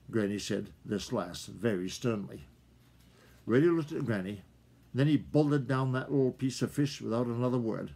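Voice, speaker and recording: An older man reading a children's story aloud as a grandfather, with a husky voice and folksy, chatty asides to his listeners. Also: mid-range voice, moderate pace, dark tone.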